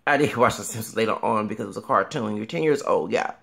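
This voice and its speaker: A man's voice: lowish voice, fast, vocal fry. A man, rambling on in a solo vlog and breaking into exclamations. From Southern US. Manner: animated, breaks into singing and exclamations. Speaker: vlogger. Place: small room at home.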